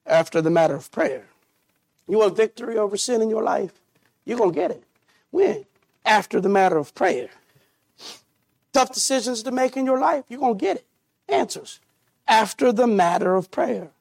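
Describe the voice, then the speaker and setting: A man with a high voice preaches a sermon. He uses call and response and dramatic pauses. His delivery builds toward shouted peaks. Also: lively intonation, creaky. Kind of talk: sermon with closing prayer.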